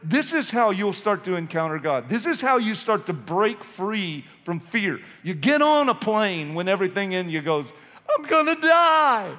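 A man's voice: high voice, big pitch swings, moderate pace, few pauses, a bit bright. A male pastor preaching an impassioned, urgent sermon in a church sanctuary. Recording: long reverb of a church hall.

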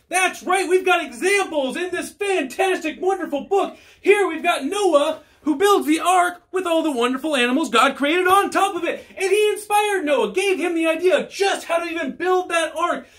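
A hyped fast-talking pitchman, as a man puts him on for a kids church lesson. The voice sits very high and is pushed even higher. The delivery is loud, excited salesman patter.

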